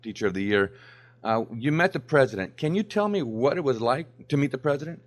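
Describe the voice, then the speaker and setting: A man's voice: mid-range voice, animated, brisk. A man hosting a podcast interview, enthusiastic and repeating himself with many fillers. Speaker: podcast host. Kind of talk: casual interview.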